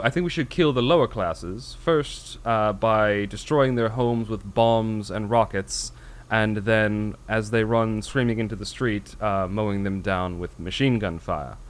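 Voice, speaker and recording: A man voicing a posh upper-class British gentleman with a posh British accent and extreme views, in a flat monotone. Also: lowish voice, lightly acted. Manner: deadpan, monotone.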